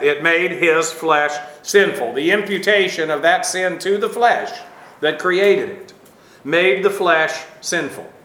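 A man teaching a Bible lesson, halting often with fillers and dry asides. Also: a little high, fairly bright tone, reverberant.

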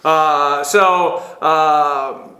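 A man teaching a Bible lesson, halting often with fillers and dry asides. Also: fairly high pitch, steady tone, bright, forceful tone, echoey room.

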